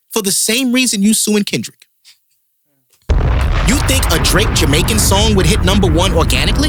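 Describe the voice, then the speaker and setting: A man's voice: high voice, a bit bright, no room sound. A man hosting a podcast, a comedian ranting in heated, profane casual chat.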